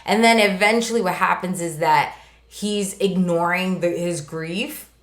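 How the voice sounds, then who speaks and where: A woman co-hosting a podcast, telling stories in a lively, casual way with lots of fillers and some swearing. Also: lowish voice, unhurried. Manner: animated storyteller, swearing, many "like" fillers. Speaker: podcast co-host. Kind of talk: casual chat. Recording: roomy echo.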